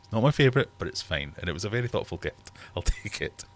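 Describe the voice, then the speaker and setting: A British man in his thirties hosts a relaxed livestream from his home fish room. His voice sits very low, and he rambles good-naturedly, cracking jokes as he reads viewers' comments aloud. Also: fast. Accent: British English. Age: 30s. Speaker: livestream host. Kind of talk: casual livestream chat.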